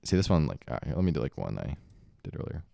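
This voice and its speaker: A man's voice: rumbling low, big pitch swings, quick pace, gravelly, crowd noise. A young man talking casually about learning a language, rambling with many filler words and self-corrections. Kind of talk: casual monologue vlog.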